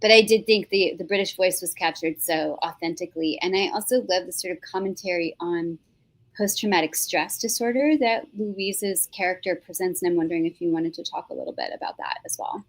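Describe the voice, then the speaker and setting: Female host, New York accent, lower voice, chatty and playful. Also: fairly quick. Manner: chatty, joking, expressive. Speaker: interviewer and show host. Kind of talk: casual conversational interview.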